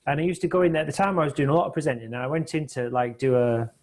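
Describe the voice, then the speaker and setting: A man's voice: fairly high pitch, fairly even intonation, rapid-fire. A man, hosting a casual film commentary and chatting in an anecdotal way, often ending on tag questions. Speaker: host.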